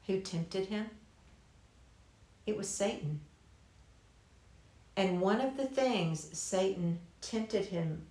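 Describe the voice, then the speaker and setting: A woman teaching a Bible lesson in a conversational way, restarting phrases and adding asides. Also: medium pitch. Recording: roomy church classroom.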